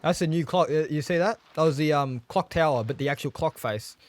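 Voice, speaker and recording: A man's voice: a little high, brisk, faint music behind. A man hosting a casual movie reaction, thinking aloud, swearing freely and calling his viewers bro.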